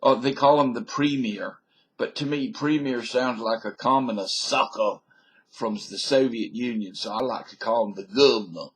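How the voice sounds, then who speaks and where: A man's voice: medium pitch, moderate pace, husky. A man from British Columbia giving a folksy, digressive comic monologue into a webcam, with mock-learned asides. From British Columbia, Canada.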